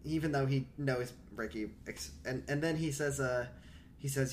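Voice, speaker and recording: A man's voice: medium pitch, normal speed, a little hiss or hum. A man co-hosting a podcast, casually recapping a TV episode and acting out the characters' lines. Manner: animated, acts out characters' lines in shifting voices. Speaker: podcast co-host.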